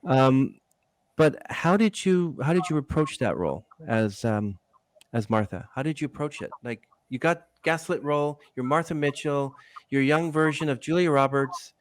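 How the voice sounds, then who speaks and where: A man's voice: on the high side, expressive, moderate pace. A man hosting a podcast, asking long, rambling interview questions that often restart. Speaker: podcast host.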